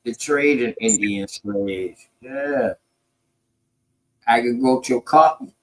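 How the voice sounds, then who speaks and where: A man's voice: mid-range voice, poor audio. A man, talking through history in a casual, profane, emphatic way. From South Carolina, United States. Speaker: podcast host.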